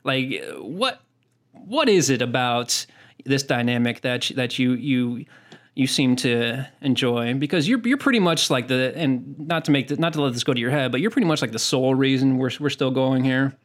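Male podcast host, casual banter, mid-pitched voice, stumbles into sentences. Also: normal speed. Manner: joking, repeats words when starting sentences.

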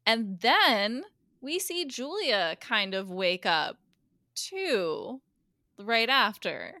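A woman's voice: fairly high pitch, sing-song, drawn-out words, bright, forceful tone, dry recording, studio quality. A woman recapping a TV episode on a podcast in casual chat, acting out the characters' lines as she goes. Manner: chatty, acts out characters' lines while retelling. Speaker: guest co-host.

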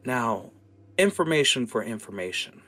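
A man's voice: medium pitch, very animated, normal speed, pushed and bright, voice pushed up. A man voicing a sly, sadistic woman who trades in information in a tabletop game, with a silky, scheming manner. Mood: bargaining. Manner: silky, scheming, calls people dearie.

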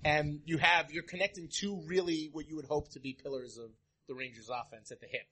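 A man's voice: on the high side, fairly even intonation, brisk, pushed and bright, husky. A man on a live podcast, joking and breaking down hockey lines in casual chat. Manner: joking, analytical about hockey. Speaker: podcast co-host.

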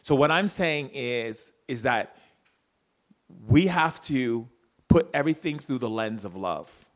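A man telling personal stories in an earnest, preachy talk, swinging between hushed and loud. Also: medium pitch. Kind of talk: spoken storytelling talk.

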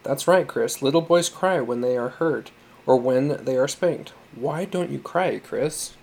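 A man reading the part of a tender, patient foster mother who speaks gently and coaxingly. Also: medium pitch, unhurried, vocal fry. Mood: gentle.

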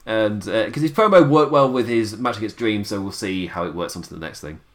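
A man's voice: on the low side, brisk. Chuckly man rambling through a review. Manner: rambling, chuckling often, many "uh" fillers. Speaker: wrestling show reviewer. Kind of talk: casual spoken review.

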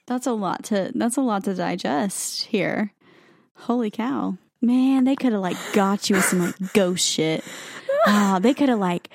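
A woman's voice: mid-range voice, gravelly, a little mellow, no echo, clean studio sound. A young woman co-hosting a podcast, chatting casually with plenty of fillers and laughs. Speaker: podcast co-host. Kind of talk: casual chat.

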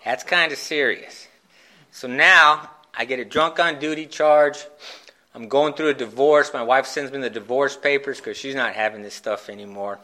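A man telling his own recovery story in a candid, self-mocking way, with halting restarts. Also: mid-range voice, pushed and bright. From Phoenix, Arizona, USA. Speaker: speaker sharing a recovery story. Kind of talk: personal storytelling talk at a recovery meeting.

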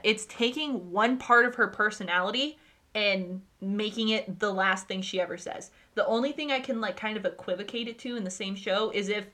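A woman talking casually on a podcast, animated and swearing as she rants about a show. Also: mid-range voice. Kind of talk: casual chat.

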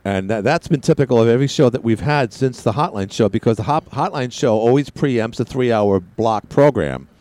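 A man's voice: mid-range voice, lively intonation, a little fast, hardly any pauses, a little mellow. A man hosting a radio talk show, telling a rambling, self-mocking story while a little out of breath. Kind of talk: casual radio monologue.

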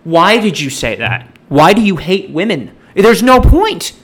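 A man ranting in exasperation during a casual movie review chat, swinging into loud outbursts. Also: high-pitched, very animated, a little slow.

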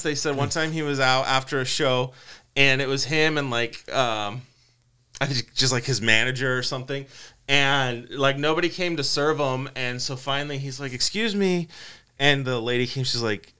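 A man hosting a casual podcast, telling a story in an animated way, laughing and acting out quotes. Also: mid-range voice, normal speed, clean tone. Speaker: podcast host.

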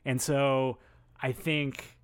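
A man's voice: medium pitch, level tone, drawn-out words, clean tone, no echo. A man hosting a podcast in casual chat, rambling with many fillers and restarts. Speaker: podcast host.

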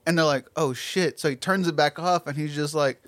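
High-voiced man telling a story, dry sound. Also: brisk, dry recording. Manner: profane, animated storyteller. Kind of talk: casual podcast chat.

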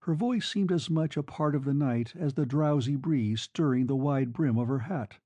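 A man reads a classic novel aloud at an unhurried pace, his voice mellow and dark in tone at a middle pitch. It is recorded dry and close, with no room sound around it. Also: dry recording. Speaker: audiobook narrator. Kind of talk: scripted narration of a classic novel.

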